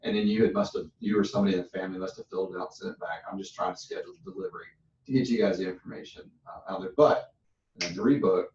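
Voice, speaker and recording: Coaching brief: low-voiced Southern man, relaxed sales coach, roomy and a bit distant. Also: very fast, slight background noise. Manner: relaxed, chatty, demonstrates phone lines in a put-on voice. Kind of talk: phone script coaching session. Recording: dull roomy sound from a distance.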